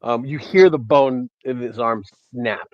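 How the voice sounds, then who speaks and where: A male game master narrates a tabletop horror game in a mid-pitched voice, pausing often on ums as he describes the action. The recording sounds dull and dry, with no room around him. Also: dry recording. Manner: halting narration with many ums.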